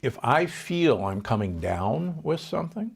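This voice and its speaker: Gravelly older man explaining with authority. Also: mid-range voice, sing-song, a little slow. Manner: authoritative, explains with numbers, frequent restarts. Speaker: doctor and guest. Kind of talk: podcast interview.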